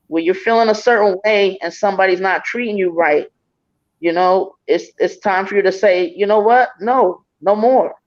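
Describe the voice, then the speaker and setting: A woman's voice: on the low side, lo-fi sound. A woman giving a live psychic reading over a video call, earnest and encouraging as she speaks straight to the sitter. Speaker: psychic medium.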